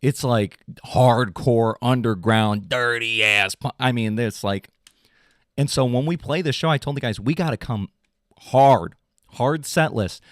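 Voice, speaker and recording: A young adult man, a podcast host, ranting in an animated, casual, swearing way. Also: measured pace, no room sound, clean studio sound. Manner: animated, swearing, mocking voices in high pitch. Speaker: drummer in a pop punk band. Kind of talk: casual comedic rant.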